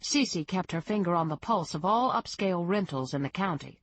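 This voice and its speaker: Brief: woman audiobook narrator, low register, dry studio sound, first-person storytelling. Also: lively intonation, normal speed, few pauses, dry recording. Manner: reads in first person, lightly voicing characters. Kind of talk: scripted narration.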